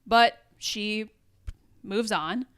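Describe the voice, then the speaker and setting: A woman with a smooth, resonant voice talks through a TV episode scene by scene. She co-hosts a relaxed podcast chat and often quotes what the characters say. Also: mid-range voice, extremely slow. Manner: recounts scenes in detail, quoting characters. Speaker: podcast co-host. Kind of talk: casual TV recap chat.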